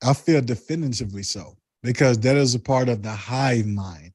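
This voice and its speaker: A man with a Southern US accent talking in a deliberate, reflective way, with spiritual musings in casual conversation. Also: mid-range voice, a little mellow, husky, no echo.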